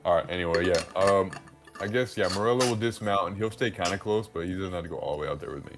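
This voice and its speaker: A man speaking casually as a player in a tabletop game, halting and relaxed. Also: sits low, music in the background.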